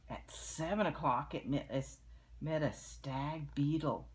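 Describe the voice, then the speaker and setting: An older woman reading a picture book aloud to children, gently pointing out the pictures and explaining them as she goes. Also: deep voice, measured pace, breathy edge.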